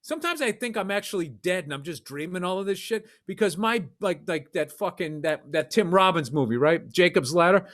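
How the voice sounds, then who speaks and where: A middle-aged man co-hosting a podcast, telling animated, profane childhood stories in casual chat. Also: high voice, a little fast, hardly any pauses. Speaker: podcast co-host.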